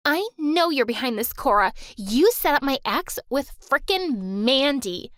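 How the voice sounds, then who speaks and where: A spiteful teenage cheerleader girl sneers and barks orders in a high, lively voice, put on by a woman narrating. She sounds bossy and cruel, dry and close to the mic, like a voice in an animated storybook. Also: a little slow, dry recording. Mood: furious. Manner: mocking, shrill and bossy.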